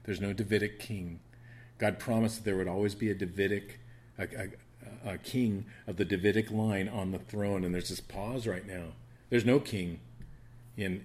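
A man with a lowish voice teaches a Bible study, reading verses and explaining them earnestly and conversationally. He often restarts phrases and rises in emphasis.

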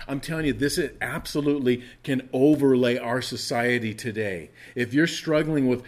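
A man's voice: medium pitch, normal speed. A middle-aged man, a pastor, preaching a sermon and acting out anguished prayers with rising intensity.

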